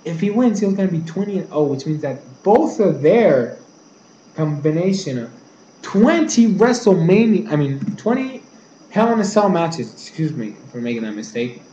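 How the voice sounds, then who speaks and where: A young male vlogger casually recaps events and offers predictions, retelling scenes and quoting characters in his own voice. His voice is fairly high and warm with big pitch swings at a moderate pace, recorded in an echoey room with faint background noise.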